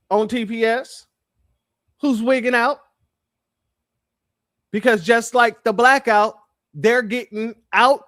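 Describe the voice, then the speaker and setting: Man hosting commentary, high voice, emphatic, repetitive, dry close sound. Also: a bit bright, dry recording. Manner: emphatic, repeats phrases, addresses viewers as family. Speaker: commentary channel host. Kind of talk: reaction commentary.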